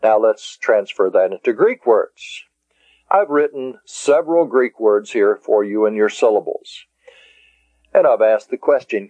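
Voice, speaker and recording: A man teaching a taped language lesson, speaking deliberately and spelling words out syllable by syllable. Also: fairly low pitch, a little mellow, breathy edge, dry recording. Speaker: Greek teacher. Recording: dull lo-fi cassette tape.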